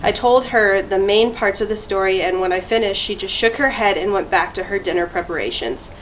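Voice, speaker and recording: A woman reading a children's chapter book aloud to students, in a clear, steady storytelling voice. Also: medium pitch, fairly quick, slight background noise, low-quality recording. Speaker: school deputy reading aloud.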